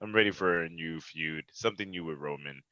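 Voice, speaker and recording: Bright-voiced man, dull lo-fi mic. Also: extremely low pitch, brisk, no echo. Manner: jokey, laughing, mock voices. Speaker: podcast co-host. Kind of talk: casual review chat.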